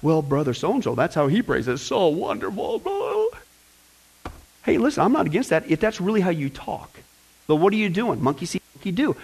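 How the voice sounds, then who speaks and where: A male pastor preaching a lively sermon, joking and talking straight to his congregation. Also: high voice, poor audio. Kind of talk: sermon with fill-in-the-blank notes.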